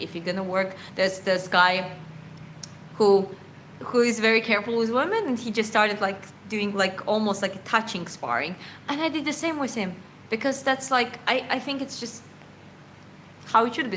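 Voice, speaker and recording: Woman boxer, casual livestream Q&A: earnest, rambling and self-correcting, quick to laugh, mid pitch, faint rumble behind. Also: a bit bright, poor audio. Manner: earnest, reflective. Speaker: boxer answering viewer questions.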